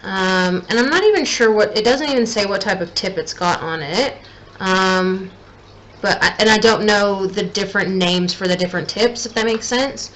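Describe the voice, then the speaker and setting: A woman's voice: mid-range voice, normal speed, fairly bright tone, poor audio. A young woman chatting casually at home while doing her makeup, thinking aloud and putting herself down as she gets more and more frustrated. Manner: self-deprecating, increasingly frustrated, thinking aloud. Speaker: beauty vlogger. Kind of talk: casual makeup tutorial chat.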